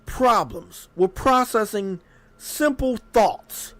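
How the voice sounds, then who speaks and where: A man's voice: sits high, animated, takes it slowly, music in the background. A man ranting indignantly in a commentary video, stumbling and repeating himself.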